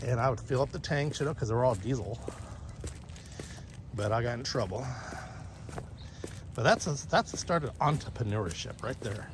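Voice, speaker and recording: A middle-aged man rambles through old stories while walking his dog outside, swearing casually and stopping often to say um. His voice sits at an ordinary middle pitch. The phone-streamed audio carries clear outdoor street noise behind him. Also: expressive, normal speed, pauses often. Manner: rambling, profane, reminiscing with lots of ums. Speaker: vlogger live-streaming a dog walk. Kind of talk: casual storytelling chat. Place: outdoors on a neighborhood walk.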